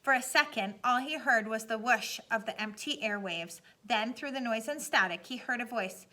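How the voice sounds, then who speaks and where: A woman narrating a novel aloud in a steady, dramatic reading. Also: fairly high pitch, normal speed, hardly any pauses. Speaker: audiobook narrator. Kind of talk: scripted narration.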